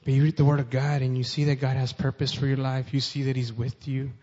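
A man's voice: medium pitch, level tone, fast, dark tone. A man preaching a sermon, reading scripture aloud with rising force and speaking directly to his listeners. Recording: dull sound with long reverb.

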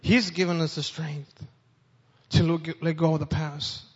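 A man preaching a sermon with a fairly high voice, his words ringing out in a long hall reverb. He reads scripture with building force and then talks plainly to the congregation. The sound is a little dull and muffled. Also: level tone, unhurried, husky.

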